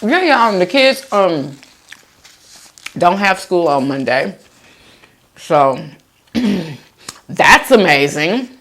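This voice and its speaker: A woman's voice: very slow, long pauses. A woman hosting a mukbang video, chatting casually to viewers while eating and reading their comments aloud. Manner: laid-back with lively swoops of pitch. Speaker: mukbang vlogger.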